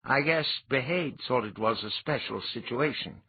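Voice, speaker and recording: A man's voice: mid-range voice, moderate pace, husky, dry recording, voice pushed up. A man voicing a wry, laconic hero with dry replies. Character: wry seasoned thief, laconic. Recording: dull lo-fi audiobook recording.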